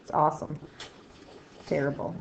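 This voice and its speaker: A woman teaching a math lesson to a class, loud and excitable, joking about herself as she works through problems. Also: low-pitched, moderate pace, gravelly, a little hiss or hum, rough recording. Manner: loud, excitable, self-mocking.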